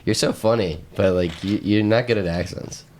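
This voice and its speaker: Deep-voiced guy ribbing his buddy on a podcast, casual banter. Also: darkish tone, slight background noise. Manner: teasing, joking, quick banter. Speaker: podcast co-host. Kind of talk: casual chat.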